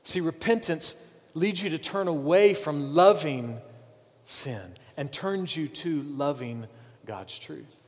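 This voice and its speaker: A slightly high-voiced man preaching a sermon, pressing hard one moment and dropping to a near hush the next, often repeating words. His voice trails off into the long reverb of a church hall. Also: lively intonation, slow pace. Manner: dramatic swings from loud urging to hushed pleading, repeats words. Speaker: pastor.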